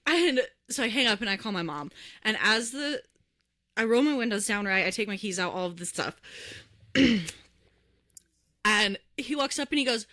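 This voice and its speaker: An animated young woman tells a story on a podcast, her voice swooping high and low as she acts out the people in it. Her tone is bright and sharp, and she swears freely. She speaks close to the microphone in a dry room with no echo. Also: moderate pace, long pauses. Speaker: podcast co-host. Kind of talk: casual storytelling chat. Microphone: close to the mic.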